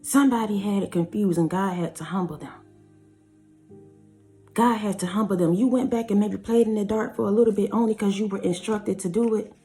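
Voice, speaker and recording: A woman delivers a spiritual reading in an emphatic, preachy way, stretching her words out for effect. Her voice is mellow and warm, with faint music playing underneath. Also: medium pitch, fairly even intonation. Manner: emphatic, preachy, drawn-out phrases. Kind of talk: spiritual reading commentary over song lyrics.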